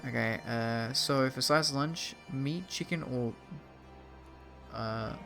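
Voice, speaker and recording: A man's voice: medium pitch, takes it slowly, gravelly, pushed and bright, soft background music. A young Australian man streaming a game, chatting casually and self-mockingly with his chat. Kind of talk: casual gaming commentary.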